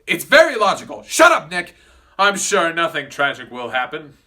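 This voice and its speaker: A man voicing an arrogant, hot-tempered rich young husband in a student comedy play, loud and blustering. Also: fairly high pitch, huge pitch swings, moderate pace, recorded from a distance, exaggerated voice. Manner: loud, blustering, shouting outbursts.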